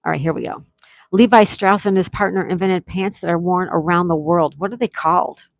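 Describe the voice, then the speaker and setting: A woman hosting a casual live-stream trivia game, greeting viewers by name, reading their chat replies aloud and repeating questions slowly. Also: fairly low pitch, no echo. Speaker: livestream trivia host.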